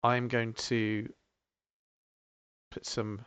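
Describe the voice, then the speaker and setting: A man narrating a tabletop role-playing game as game master, unhurried and hesitant, with many fillers. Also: medium pitch, little pitch movement, a bit bright, clean tone, no room sound.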